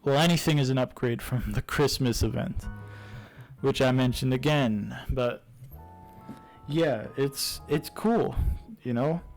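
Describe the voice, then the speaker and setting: A man's voice: medium pitch, unhurried, soft background music, rough recording. A young man casually reviewing a game series, rambling with many fillers and restarts. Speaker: YouTuber reviewing games.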